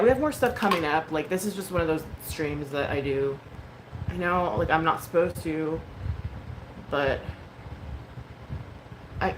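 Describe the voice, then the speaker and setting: A woman in her thirties speaks to her livestream viewers in a low, frank voice, stumbling through likes and ums and swearing without a second thought. The recording carries a clear layer of background noise. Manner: candid and emotional, swears freely, many likes and ums. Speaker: livestream host. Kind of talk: casual livestream chat.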